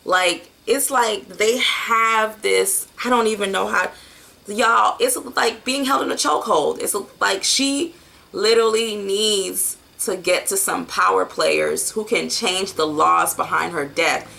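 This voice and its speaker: Slow, gravelly woman reading tarot cards. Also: mid-range voice, pushed and bright. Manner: blunt, casual and profane, with many fillers. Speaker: tarot card reader. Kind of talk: casual tarot reading video.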